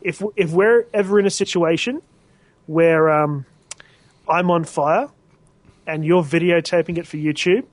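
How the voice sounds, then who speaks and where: A man co-hosting a casual podcast, cracking crude jokes with deadpan punchlines. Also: fairly high pitch, measured pace, pauses often, no room sound. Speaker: podcast co-host.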